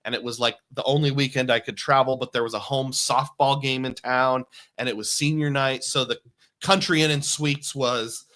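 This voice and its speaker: Bright-voiced man hosting a live stream. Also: medium pitch, fairly even intonation, normal speed. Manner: chatty, reads viewer comments aloud and laughs often. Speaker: livestream host. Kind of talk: casual live-stream chat.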